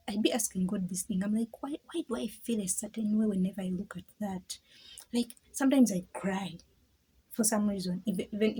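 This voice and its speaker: A female vlogger chats casually and reflectively to her viewers, rambling, stammering, laughing a lot and slipping into whispers. Her mid-range voice is warm but very breathy and husky, and the recording quality is rough.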